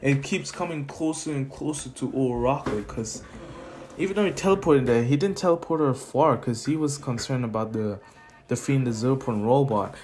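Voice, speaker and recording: A man's voice: mid-range voice, a little fast, a little mellow. A man improvising a fan-fiction story with rambling, casual narration full of restarts. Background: faint lofi music.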